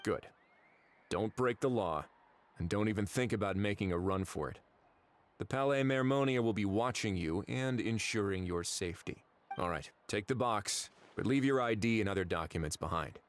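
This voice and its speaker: An actor playing a tired, officious game character who lays down the rules. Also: male voice, on the low side, animated, moderate pace, natural voice. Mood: stern.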